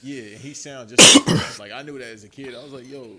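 A man with a bright, forceful voice jokes around in slangy, easygoing banter. His pitch sits in the middle range. It is a relaxed, casual conversation. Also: brisk. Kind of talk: casual chat.

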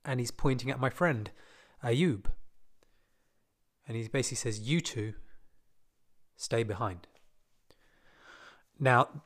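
A man casually telling a personal story from his school days, with relaxed, self-deprecating asides. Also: medium pitch, slow, pauses often.

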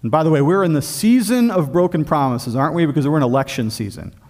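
A man delivers a sermon from the pulpit of a church, his voice sitting a little high for a man. He preaches emphatically, rising on questions and sinking low and quiet to drive a point home. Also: lively intonation, quick pace. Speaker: pastor.

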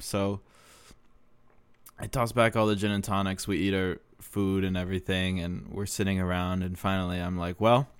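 A man's voice: fairly low pitch, steady tone, normal speed, smooth, no echo. A young man telling rambling, profane stories in a casual monologue, laughing often. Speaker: show promoter telling stories.

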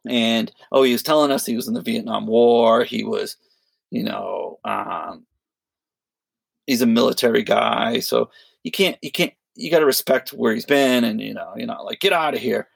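A man co-hosting a podcast, telling a long story in a rambling, animated way, full of fillers and quoted voices. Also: medium pitch, normal speed, gravelly, no room sound. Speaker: podcast co-host. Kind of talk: casual storytelling chat.

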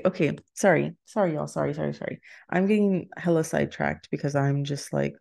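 A young woman talks through her solo podcast in a loose, rambling way, laughing easily and cutting herself off mid-thought. Her voice sits low, with a gravelly fry at the ends of phrases. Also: steady tone, a little fast, few pauses, a little mellow. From Texas. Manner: rambling and chatty, laughs often, self-interrupting. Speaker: podcast host. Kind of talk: casual solo podcast chat.

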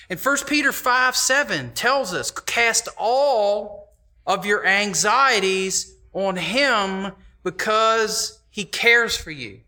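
Bright-voiced, high, unhurried preacher man. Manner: conversational, emphatic, repeats phrases. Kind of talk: sermon.

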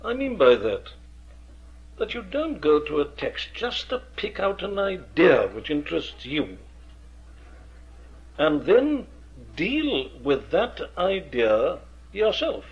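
A man's voice: on the high side, sing-song, takes it slowly, pauses often. A man, an experienced preacher lecturing earnestly on how to preach, with emphatic rhetorical questions. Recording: dull lo-fi archive recording.

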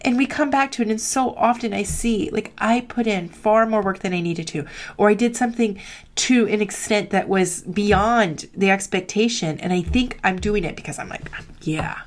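Speaking at a moderate pace in a mid-range voice, a middle-aged marketing coach opens up in a heartfelt motivational talk. She's candid and confessional, says "like" often, and performs the voices she quotes.

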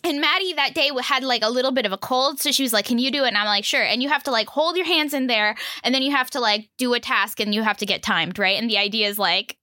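A young woman telling a story in casual chat, animated, laughing often and swearing freely. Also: fairly high pitch, fast talker, hardly any pauses, no echo, clean studio sound.

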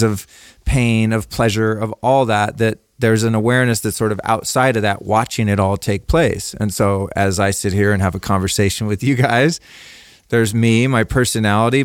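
A man's voice: on the low side, normal speed, clear, resonant tone, no echo, studio quality. A man speaking as a podcast guest, telling personal stories in a candid, laid-back way and swearing freely. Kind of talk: casual conversational storytelling.

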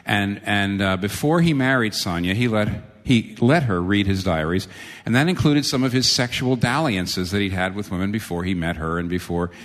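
A man preaching a sermon, animated, jumping up high when he voices the quoted lines. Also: normal speed. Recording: long reverb of a large hall.

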